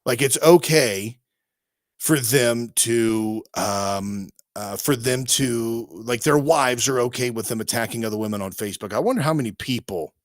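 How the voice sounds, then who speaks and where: A man's voice: mid-range voice, unhurried, no room sound, studio quality. A man co-hosting a casual talk show, rambling through opinions with many restarts. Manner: rambling, frequent restarts and fillers, animated. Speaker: podcast co-host.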